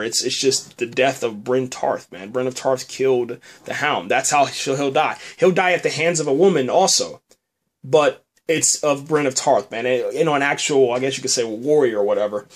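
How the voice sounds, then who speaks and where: A man hosting a podcast, recapping a TV episode in a loose, rambling way, full of fillers and repeated words. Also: mid-range voice. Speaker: podcast host reviewing a TV episode. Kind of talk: casual spoken review.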